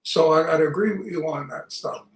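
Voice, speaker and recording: An old man in his eighties with a thick Brooklyn accent chats as a co-host, gruff and salty with a joke never far away. His voice sits fairly high. The recording has a roomy echo around it. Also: fairly quick. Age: 80s. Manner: gruff, salty joking storyteller. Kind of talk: casual interview chat.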